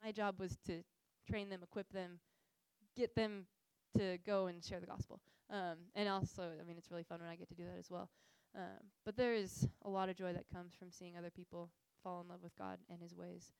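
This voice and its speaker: A woman's voice: fairly low pitch, brisk, gravelly, clear, resonant tone, dry recording, rough recording. A young woman giving a casual, earnest faith talk to a group, telling stories with lots of fillers. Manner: earnest, animated storytelling with frequent fillers. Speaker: missions speaker.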